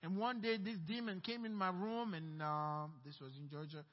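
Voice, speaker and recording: High-voiced man preaching in a reverberant hall. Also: moderate pace. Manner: impassioned preaching with personal storytelling. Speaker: pastor. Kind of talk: sermon. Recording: dull sound with long hall reverb.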